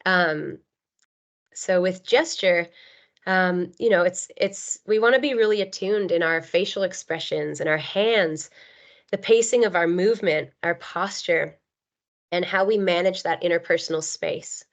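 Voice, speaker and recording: An occupational therapist in her thirties gives an earnest webinar talk at a measured pace in a lowish voice, with many ums and you knows. It comes through a video call microphone as dull, lo-fi audio.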